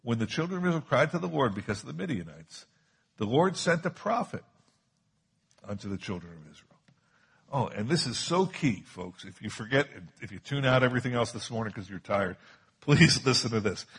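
Husky-voiced man preaching a sermon. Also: medium pitch, sing-song, a little fast, a bit bright. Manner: emphatic, repeats key phrases for stress. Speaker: pastor.

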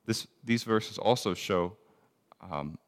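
Man, low voice, casual Bible teacher reading and explaining verses, reverberant hall. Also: slow. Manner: conversational, reads scripture aloud, frequent ums and restarts.

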